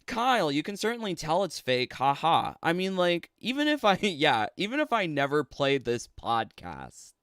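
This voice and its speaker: A man's voice: a little high, wildly swooping pitch, moderate pace, few pauses, fairly bright tone, clean tone, no room sound, studio quality. A man with a Canadian accent, streaming and ranting casually, sarcastic and laughing often between phrases. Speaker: streamer and commentator. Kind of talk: casual livestream rant.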